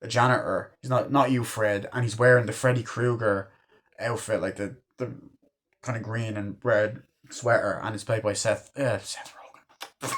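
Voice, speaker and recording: A man's voice: on the low side, steady tone, normal speed, fairly bright tone. A man in his twenties reviewing a movie in a casual, rambling way, full of filler words and casual cursing. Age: 20s.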